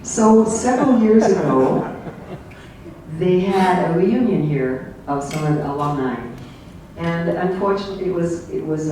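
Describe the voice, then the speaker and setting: A man's voice: fairly high pitch, measured pace. An older man giving a casual slide presentation to a club, rambling and anecdotal with plenty of ums and asides. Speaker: club guest speaker. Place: club meeting room. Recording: very echoey room, voice far from mic, faint hiss.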